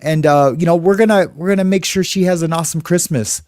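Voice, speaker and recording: A man's voice: fairly high pitch, fast, a little mellow, dry recording, clean studio sound. A middle-aged man from California, hosting and telling a story in a casual, rambling way. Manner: rambling, conversational, many fillers. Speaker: host.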